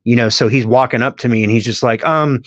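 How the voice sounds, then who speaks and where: A man's voice: mid-range voice, flat delivery, fast, background noise. A man on a casual podcast, telling long profane stories in a rambling way. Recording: dull lo-fi audio.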